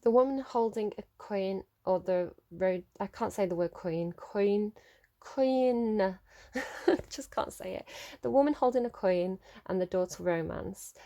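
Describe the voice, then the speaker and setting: A woman's voice: mid-range voice, mellow. Musing woman giving a tarot reading. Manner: musing, halting, many ums and restarts; laughs at her own slips. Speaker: tarot reader. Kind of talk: solo tarot reading to camera.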